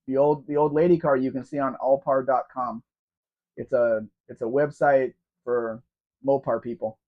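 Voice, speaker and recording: A man with a sore throat hosts a casual live-stream Q&A, reading viewer comments aloud and calling people by name. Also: medium pitch. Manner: chatty and rambling, addressing viewers by name. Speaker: live Q&A host. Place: at home in a room. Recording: dull lo-fi stream audio.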